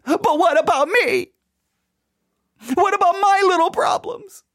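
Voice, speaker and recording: A man's voice: very high voice, measured pace, a bit bright, no room sound, clean studio sound, voice pushed up, full character voice. A man voicing a self-pitying grown man who whines, near tears, over his small troubles. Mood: whining.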